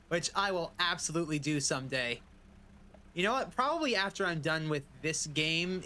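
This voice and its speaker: Male streamer, slightly high, bright voice; casual rambling commentary with joking pirate asides. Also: a little hiss or hum.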